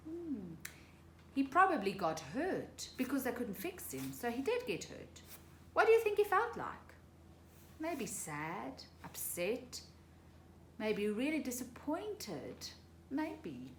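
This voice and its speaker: A woman's voice: mid-range voice, huge pitch swings, slow, a bit bright. A woman teaching a remote morning circle to small children, singing and talking playfully in a singsong manner. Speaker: preschool teacher. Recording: echoey room with faint hiss.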